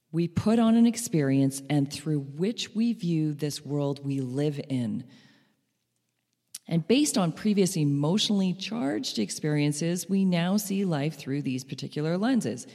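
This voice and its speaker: Gravelly-voiced woman telling a story in a hall. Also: low voice, slow. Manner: animated storyteller, laughs between phrases. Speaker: speaker. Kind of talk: personal storytelling talk. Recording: long hall reverb.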